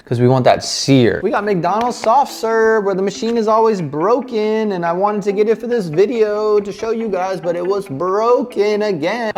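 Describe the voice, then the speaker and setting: A man hosting a casual on-camera chat and taste test, excitable and hyped, swearing freely. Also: fairly high pitch. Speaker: host.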